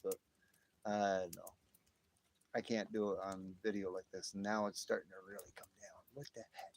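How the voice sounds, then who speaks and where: A man's voice: fairly low pitch, moderate pace. A man hosting a casual livestream outdoors by a fire at night, phone in hand, talking in a rambling, exclamatory way with his viewers. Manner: rambling, exclamatory, easily excited. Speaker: livestream host. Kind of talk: casual live chat with viewers.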